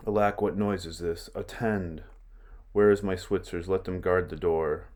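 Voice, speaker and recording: A man's voice: low voice, fairly even intonation, unhurried, darkish tone. A man reading an uneasy scheming king. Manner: plain reading with stumbles. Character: scheming middle-aged king, uneasy and commanding. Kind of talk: reading a play aloud.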